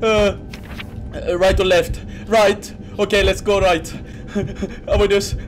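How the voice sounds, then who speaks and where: A young man plays horror games on camera in a home setup with a green screen, shrieking, swearing, and laughing nervously as he reacts. His voice sits high, with a level tone and slow pace, and there's a little hiss or hum.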